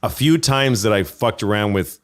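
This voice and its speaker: A man's voice: lowish voice, normal speed. A middle-aged man, a comedian, telling profane stories in casual chat and acting out the people he quotes. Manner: storytelling, profane, acts out quoted voices. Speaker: comedian guest.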